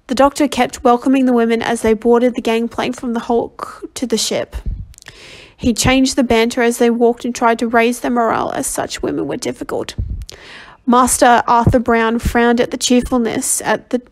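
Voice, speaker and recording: A woman reads a novel aloud as a volunteer, her voice sitting a little high for a woman. She is slightly under the weather, and she often stumbles and goes back to fix a word. It is a plain amateur reading. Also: steady tone. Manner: halting reading with frequent self-corrections. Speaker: volunteer audiobook reader.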